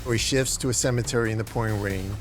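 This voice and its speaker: A man's voice: lowish voice, fairly even intonation, quick pace, over music. A man hosting a comic recap, telling the story in a dramatic way. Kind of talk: comic book recap narration.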